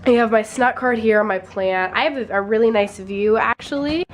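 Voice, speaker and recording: A woman's voice: on the high side, normal speed, slight background noise, low-quality recording. A young woman, a college student, chatting casually and rambling through a vlog tour of her dorm room, sounding a little tired. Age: young adult. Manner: chatty and rambling, with many fillers.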